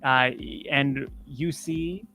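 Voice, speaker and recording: Game master, mid pitch, halting narration with many fillers. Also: steady tone, pushed and bright, faint music behind.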